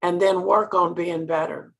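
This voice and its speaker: Gravelly older woman giving a pep talk. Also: on the low side, fairly even intonation, measured pace. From Mississippi, US. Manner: earnest, preacherly, asks the listeners direct questions. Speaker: sales director giving a training talk. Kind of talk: motivational talk.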